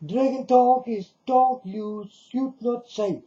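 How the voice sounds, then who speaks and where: Man, high-pitched and very dark-toned, slow preachy rant, dull lo-fi sound. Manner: emphatic, repetitive rhetorical questions to the viewer. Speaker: religious video preacher. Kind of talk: preachy monologue to camera. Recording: dull lo-fi recording.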